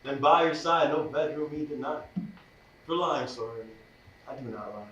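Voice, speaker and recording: A man's voice: a little high, moderate pace, a bit bright, highs cut off, close to an everyday voice. A man playing an ardent young lover on stage. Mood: tender. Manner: declaiming verse to be heard across a stage. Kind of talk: live stage acting. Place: theater stage. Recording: echoey stage, recorded from far off.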